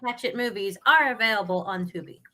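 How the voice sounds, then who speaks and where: A woman's voice: medium pitch, fairly quick, pushed and bright. A woman co-hosting a podcast, explaining facts plainly in casual chat. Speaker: podcast co-host.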